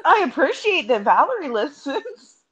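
A young woman co-hosting a podcast in casual chat, giggling often and teasing softly. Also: sits high, sing-song, moderate pace. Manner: giggly, soft-spoken, teasing. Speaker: podcast co-host.

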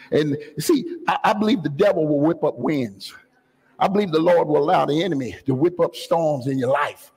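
A pastor preaching a fervent sermon, often rising to a shout and dropping into joking asides. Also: male voice, on the high side, expressive, moderate pace, creaky, slightly rough, long reverb tail, rough recording. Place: church sanctuary.

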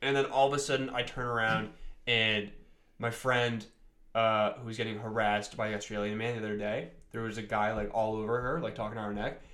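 A man's voice: fairly low pitch, brisk, reverberant. A young man telling a rambling party story on a casual podcast, laughing often and tripping over his words. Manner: animated, laughing, swearing, many restarts. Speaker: podcast co-host.

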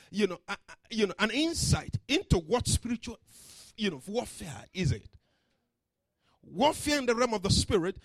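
A man preaching a sermon to a church congregation, dramatic and full of story voices, dropping to a hush and rising to shouts. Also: very high-pitched, dry recording. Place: church service.

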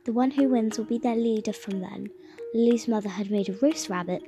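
A woman reading a story aloud, stumbling and restarting now and then. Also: fairly high pitch. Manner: halting, with frequent restarts. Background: music.

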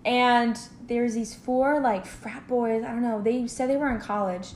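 A woman's voice: fairly high pitch, steady tone, measured pace, darkish tone. A young woman in casual chat, talking bluntly with lots of fillers. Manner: chatty, filler-heavy, blunt verdicts. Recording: echoey room with faint background noise.

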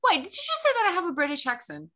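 A young woman from Portugal co-hosting a book podcast, chatting in a lively, self-mocking way. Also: very high voice, rapid-fire. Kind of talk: casual chat.

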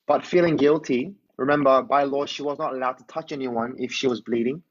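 A man's voice: medium pitch, steady tone, a little fast, dull audio. A man preaching a conversational sermon. He tells a Bible story and often asks his listeners to imagine the scene.

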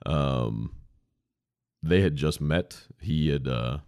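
A man's voice: very deep voice, slow pace, darkish tone, smooth, no room sound, clean studio sound. A man, a podcast host, telling a story about his old job in a candid, casual way with frank swearing. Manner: candid, profane, conversational. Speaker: podcast host, former 911 dispatcher.

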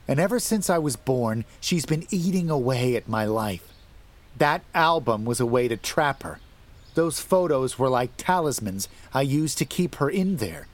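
A man's voice: mid-range voice, pitched above the performer's own voice, natural voice. A man voicing a frightened wife who is haunted by her dead twin, speaking desperately and breaking into sobs.

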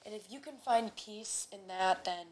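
A woman's voice: mid-range voice, normal speed, a little mellow. A young woman speaking earnestly as a podcast guest, spiritual and heartfelt, often repeating her phrases. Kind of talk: heartfelt conversation.

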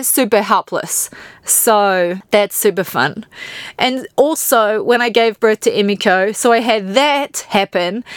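A woman's voice: a little high, clean tone, no room sound, studio quality. Candid New Zealand woman telling stories. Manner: emotional, candid, animated retelling. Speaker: podcast host. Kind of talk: personal storytelling podcast.

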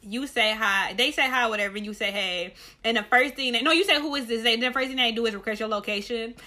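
A young woman co-hosting a podcast in casual, slangy chat, animated and laughing often. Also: a little high, fast. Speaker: podcast co-host.

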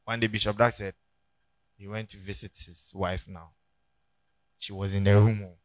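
With a lowish voice at normal speed and no audible room sound, a pastor delivers an animated sermon full of jokes, urging the congregation to turn to their neighbors.

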